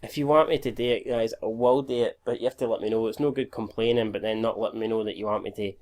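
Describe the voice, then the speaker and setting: A man's voice: fairly low pitch, steady tone, quick pace, darkish tone. A man in his twenties commentating his own video game, chatty and sweary, tired and stumbling over words as he records in the early morning. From Scotland. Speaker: gaming YouTuber. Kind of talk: casual gameplay commentary.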